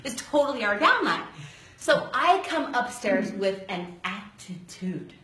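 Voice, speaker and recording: A woman giving a storytelling speech to a live audience, animated and laughing, acting out the voices she quotes. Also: medium pitch, measured pace. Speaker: speaker at a sales event. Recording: roomy hall with faint noise.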